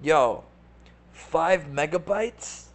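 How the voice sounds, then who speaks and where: A man hosting a live market webcast, talking casually with animated, sarcastic rants and a habit of asking "right?". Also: a little high, extremely slow. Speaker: stock market show host.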